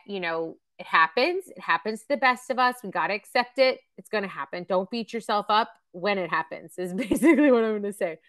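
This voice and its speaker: Her voice a little high and fairly bright, a woman aged somewhere in her thirties or forties hosts a parenting webcast. She teaches casually and chattily, leaning on fillers and acting out example quotes.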